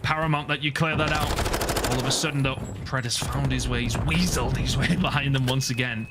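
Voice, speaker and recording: A man giving fast play-by-play esports commentary, bursting into excited shouts at big plays. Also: medium pitch, very noisy. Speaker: esports caster. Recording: loud game gunfire behind. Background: game gunfire and clicks.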